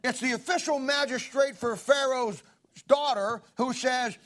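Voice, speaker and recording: A man preaching, retelling a Bible story in a folksy, animated way with fillers and asides. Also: extremely high pitch, moderate pace. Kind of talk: sermon storytelling.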